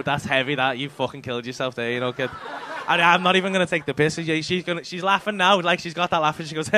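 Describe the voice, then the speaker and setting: A man's voice: fairly high pitch, a bit bright, a little hiss or hum. A middle-aged man doing cheeky, sweary crowd work as a stand-up comedian on a comedy club stage. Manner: cheeky, sweary banter with the audience.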